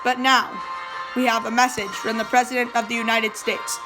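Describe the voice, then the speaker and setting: A woman's voice: a little high, flat delivery, moderate pace, over music. A woman casually introducing the next part of her video as its host.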